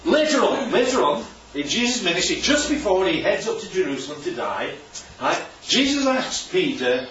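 In an echoey room picked up by a distant, dull mic, a preacher runs a Bible study with a high-pitched voice full of big pitch swings, at a moderate pace and fairly bright, with slight background noise. He keeps the sermon interactive, tossing out "right?" after almost every point.

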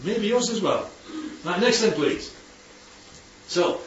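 A man's voice: sits high, big pitch swings, slow. A man giving an informal Bible teaching to a group, often asking the listeners questions and checking they follow. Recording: distant, dull, roomy recording with faint noise.

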